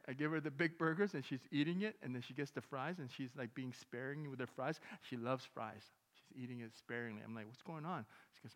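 A man's voice: mid-range voice, a little fast, a bit bright. A man preaching a sermon as pastor, telling stories in a casual way and acting out the dialogue. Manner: conversational storytelling, acts out dialogue. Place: church sanctuary. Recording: long hall reverb.

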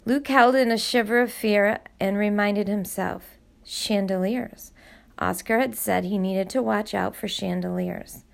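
Woman, audiobook narrator, expressive storytelling, gravelly vocal fry, mid-range pitch. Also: unhurried.

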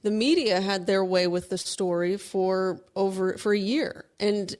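A woman co-hosting a legal talk show, arguing her points in a brisk, assertive way. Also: medium pitch, steady tone, darkish tone. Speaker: co-host, lawyer. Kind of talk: casual legal commentary.

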